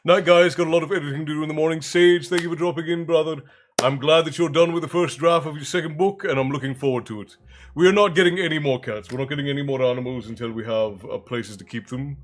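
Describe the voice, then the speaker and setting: On his casual live stream, a man with a slightly high voice talks fast over a little hiss or hum. He chats loosely with viewers, reading their messages and thanking each by name.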